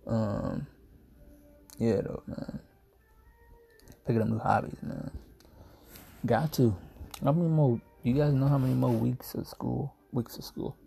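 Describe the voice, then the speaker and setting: A sleepy young man talks loosely through his own podcast from home, yawning as he goes and joking around in a laid-back ramble. His voice is dark and heavily husky, thick with gravelly fry. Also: mid-range voice, measured pace, long pauses, faint music behind. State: groggy and yawning, just woke from a nap. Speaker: podcast host. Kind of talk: casual solo podcast chat.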